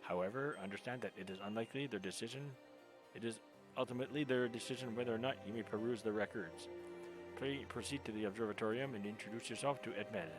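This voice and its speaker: A man's voice: fairly low pitch, fast, over music, lightly acted. A man voicing a proud, haughty male knight commander in a put-on French accent, speaking formally and stiffly. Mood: grudging. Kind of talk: reading game dialogue in voices.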